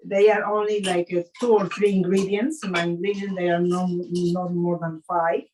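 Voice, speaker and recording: A woman chef leading a live cooking demonstration, speaking haltingly with fillers and restarts, an English speaker. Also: fairly low pitch, steady tone, very noisy.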